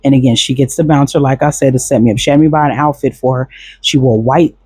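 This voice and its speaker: Husky, profane man telling a story. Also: medium pitch, fast, no room sound. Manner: blunt, profane, animated retelling with quoted voices. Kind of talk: casual storytelling to camera.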